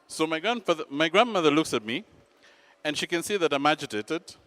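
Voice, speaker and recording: A man telling a personal story in an animated, dramatic, self-mocking way. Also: on the high side, a little fast, no room sound.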